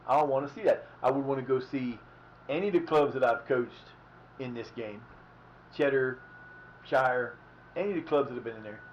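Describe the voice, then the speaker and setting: A man talks through his football management game on a live stream, rambling from one thought to the next and swearing casually. His voice sits at an ordinary middle pitch, and the mic sounds a little dull and lo-fi with a faint hiss behind it. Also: normal speed, long pauses.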